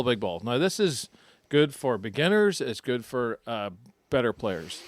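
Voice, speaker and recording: A man's voice: medium pitch, no echo. Dry-sounding golf coach man explaining. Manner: explanatory, teaching step by step. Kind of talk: casual podcast chat.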